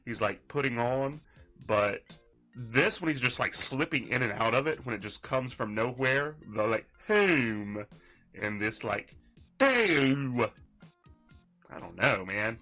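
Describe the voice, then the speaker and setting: A man's voice: mid-range voice, moderate pace, bright, forceful tone, faint music behind. A man giving casual, rambling reaction commentary, mocking the person in the clip. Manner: rambling, mocking, laughs at his subject.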